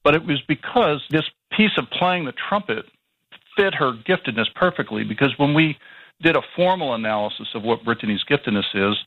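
A man's voice: medium pitch, no echo. A man speaking as a guest on a radio call-in show, explaining his ideas earnestly. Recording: tinny phone line.

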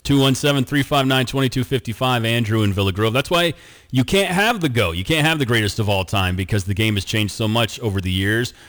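A man's voice: mid-range voice, brisk, fairly bright tone. A man hosting a radio talk show, reading out listener texts and community event announcements in an easygoing way. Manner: easygoing, laid-back reader of community notices.

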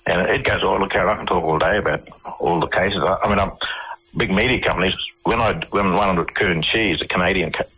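An Australian man telling his stories on a radio show, his voice low and husky. His tone is bright and forward, and he keeps restarting his sentences as he goes. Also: low-quality recording. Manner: halting, many restarts and fillers. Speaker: radio guest. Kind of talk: casual interview storytelling.

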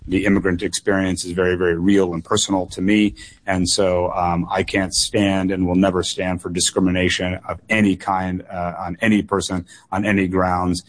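Low-voiced earnest male candidate. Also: little pitch movement, normal speed. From United States. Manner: earnest, repetitive phrasing with many fillers and doubled words. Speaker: political candidate guest. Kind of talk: radio call-in interview answers.

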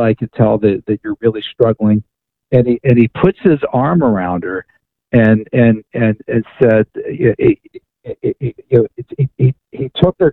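A male author, a guest on a radio talk show, telling a story with lively restarts and repeated words. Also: mid-range voice, dry recording. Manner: animated storyteller with frequent restarts. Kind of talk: phone-in radio interview storytelling. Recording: tinny phone line.

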